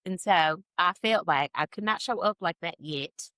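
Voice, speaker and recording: A woman's voice: low voice, moderate pace, hardly any pauses, pushed and bright, no echo. A woman in her twenties hosting a solo podcast, chatting in a rambling, self-mocking way into a podcast mic. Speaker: podcast host. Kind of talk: casual solo podcast chat. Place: podcast studio, on camera.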